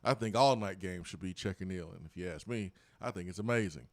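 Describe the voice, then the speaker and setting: A man's voice: low-pitched, fairly quick, no room sound. A man hosting a live sports talk show, casual and opinionated, talking into a studio mic.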